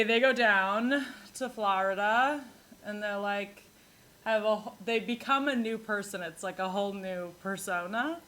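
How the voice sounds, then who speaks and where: A woman from New York hosting a podcast, telling comic stories in a rambling, animated way and laughing often. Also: a little high. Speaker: podcast host. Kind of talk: comedic solo monologue.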